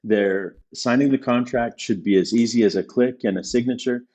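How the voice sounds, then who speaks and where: A male business consultant talks on a podcast in a casual, conversational interview. His voice sits in the mid range, moves at a normal speed and sounds a little mellow, and he hammers his points home by repeating them emphatically.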